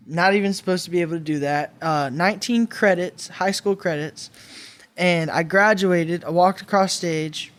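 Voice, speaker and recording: A man in his twenties, a podcast guest, telling his own life story in a candid, conversational way with some restarts. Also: high-pitched. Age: 20s. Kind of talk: personal storytelling.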